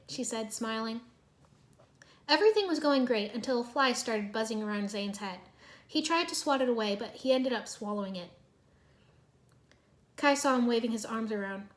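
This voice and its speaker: A woman reads a storybook aloud, calm and even. Her voice sits on the higher side. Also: fairly quick. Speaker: reader. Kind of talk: storybook narration.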